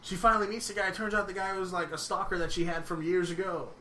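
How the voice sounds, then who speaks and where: A man's voice: high voice, little pitch movement, sharp tone, slight background noise. A man co-hosting a casual podcast, rambling with lots of "like" and teasing his friend. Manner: rambling, lots of "like", quick to tease. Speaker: podcast co-host.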